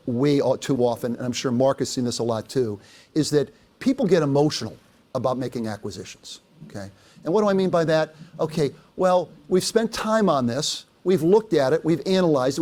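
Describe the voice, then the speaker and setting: An older man giving a business talk, telling anecdotes with quoted dialogue and asking the audience questions. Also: on the high side. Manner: lively storytelling, quotes others, asks audience. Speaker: speaker.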